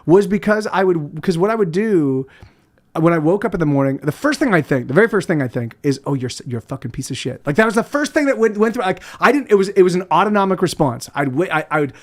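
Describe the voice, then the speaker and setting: Man, high voice, casual stream chat, profane, rambling restarts. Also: animated, fast. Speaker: musician streamer.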